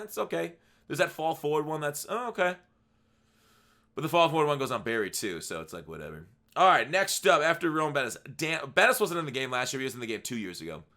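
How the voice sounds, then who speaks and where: A man's voice: a little high, sharp tone. A tired man giving casual, rambling commentary on a video game, with frequent restarts and asides. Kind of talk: casual commentary over gameplay.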